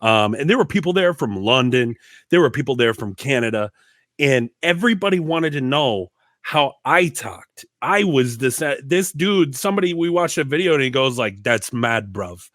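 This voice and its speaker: A man's voice: mid-range voice, lively intonation, normal speed, fairly bright tone, no room sound. Young minnesotan guy, chill and self-deprecating, stammers a bit, dry close mic. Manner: laid-back, self-deprecating, stammering restarts. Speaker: podcast co-host. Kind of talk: casual podcast chat.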